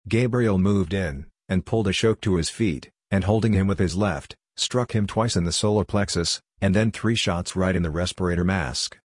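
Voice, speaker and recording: A man narrating an audiobook story in a steady, even way. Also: low-pitched, normal speed, few pauses, no echo, studio quality.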